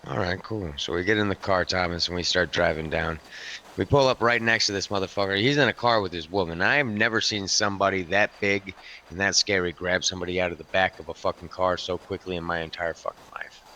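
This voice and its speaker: A hardened biker club enforcer from a role-play game, voiced by a man. His voice sits low, with a forceful, bright edge, and he swears his way through a rambling yarn, calling the listener by name. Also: fairly quick. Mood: grim storytelling. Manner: profane, rambling storyteller; keeps addressing the listener by name. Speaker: roleplay character telling a story.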